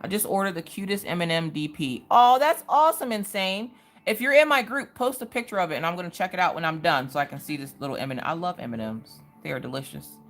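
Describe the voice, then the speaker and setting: Chatty woman with a low, lively voice. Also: quick pace, faint music behind. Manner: chatty, greets viewers, tells stories. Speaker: livestream host. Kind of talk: casual livestream chat.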